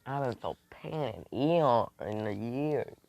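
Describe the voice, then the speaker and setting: A man's voice: mid-range voice, animated, measured pace, vocal fry, a little mellow, a little hiss or hum. Man doing a smug, vengeful demon-hero. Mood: boastful. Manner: taunting, smug. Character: vengeful immortal young man, betrayed hero turned demon.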